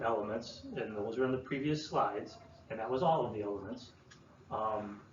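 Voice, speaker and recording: A man presenting to an audience, explaining in a relaxed way with many fillers and restarts. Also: medium pitch. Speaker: land use planner presenting. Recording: roomy, distant, dull sound with faint room noise.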